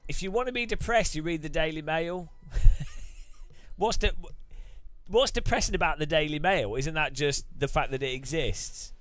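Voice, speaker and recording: A man's voice: fairly high pitch, normal speed, dry recording, soft background music. A middle-aged man hosting a live stream, chatting casually and ranting with swearing and mocking put-on voices. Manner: animated, ranting, swears, mimics voices for effect. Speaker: streamer host.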